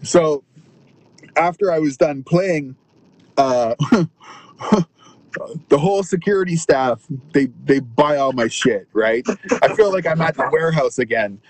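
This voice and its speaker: A man's voice: fairly high pitch, a little slow, long pauses, a little mellow, rough recording. A man, a touring punk musician, telling profane, laughing stories from his car and acting out other people's lines. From Canada. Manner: profane, laughing anecdotes with voiced quotes. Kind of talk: casual storytelling chat.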